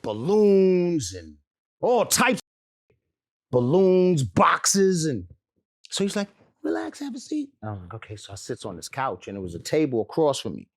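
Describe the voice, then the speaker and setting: Animated, profane man telling a story. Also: fairly high pitch, a little slow. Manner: profane, laughs through his story, acts out quotes. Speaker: interview guest.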